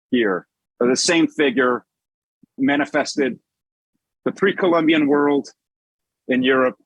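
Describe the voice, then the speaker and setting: A man with a husky, slightly breathy voice talks through his paintings like a storyteller, wandering into side stories and restarting his sentences as he goes. His voice sits at an ordinary pitch and sounds dry and close, with little room sound. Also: dry recording, rough recording. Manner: conversational storyteller, loose digressions and restarts. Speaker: artist presenting his paintings. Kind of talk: illustrated gallery talk with slides.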